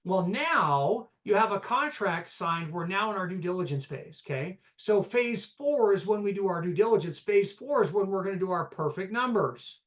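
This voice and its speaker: A man teaching a live real estate investing seminar, energetic and conversational, peppering the audience with rhetorical questions and "okay?". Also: sits high, moderate pace, few pauses, muffled recording.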